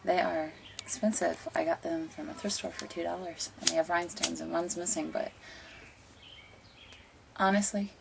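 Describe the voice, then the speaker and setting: A woman's voice: on the low side, steady tone, moderate pace, gravelly, pauses often, noisy background. Chatty rambling woman vlogging at home. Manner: rambling, chatty, playfully bossy. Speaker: vlog host. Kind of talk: casual home vlog chat. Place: home room with ambient noise.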